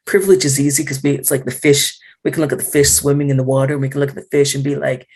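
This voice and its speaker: Frank, animated woman on a video call. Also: rumbling low, rapid-fire, breathy edge. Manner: animated, frank, full of fillers and acted-out quotes. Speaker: panel speaker. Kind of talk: casual discussion.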